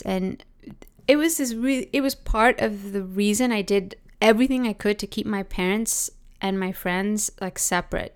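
A woman with a Canadian accent speaks in a reflective personal monologue. Her voice has a gravelly, fry-tinged edge, yet stays smooth and resonant. She is conversational and thoughtful, often dropping in "like". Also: mid-range voice. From Britain, raised in Canada. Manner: conversational, thoughtful, frequent 'like' fillers.

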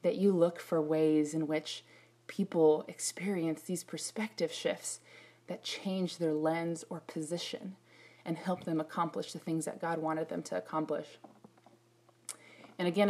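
A middle-aged woman preaching a sermon, telling personal stories in an animated way and acting out her own prayers. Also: sits low, normal speed.

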